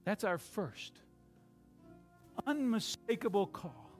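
A male preacher with a high, lively voice that leaps up and drops low. He takes his time, swinging from loud calls to near whispers as he acts out quotes. Soft music plays behind him. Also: unhurried, pauses often. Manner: dramatic swings from loud to hushed, acting out quotes. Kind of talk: sermon.

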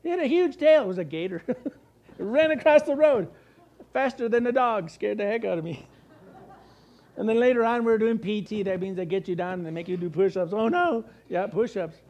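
Middle-aged male pastor from the US, high voice, animated preaching, answers his own questions. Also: fairly quick. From United States. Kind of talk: sermon.

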